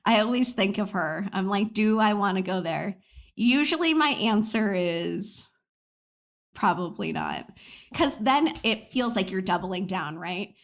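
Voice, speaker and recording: A woman's voice: mid-range voice, lively intonation, measured pace. An American woman co-hosting a podcast in casual chat, chatty and self-deprecating, laughing often. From United States. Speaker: podcast co-host.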